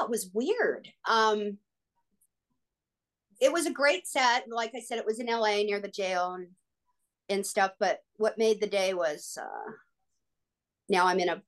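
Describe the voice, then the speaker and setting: A woman, an actress and guest on an interview show, telling stories in an excitable, gushing way. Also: mid-range voice, takes it slowly, long pauses. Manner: excitable, gushing, frequent "like" and "oh my God". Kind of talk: casual interview storytelling.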